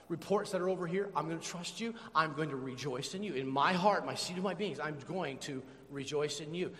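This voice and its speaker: Pastor, man, high voice, animated sermon with call-and-response, long church reverb. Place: church sanctuary.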